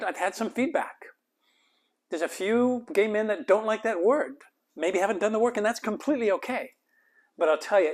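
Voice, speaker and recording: Soft-spoken man telling a heartfelt story. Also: sits high. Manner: heartfelt, reflective, often drops to a soft near-whisper. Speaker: host. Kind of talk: personal storytelling monologue.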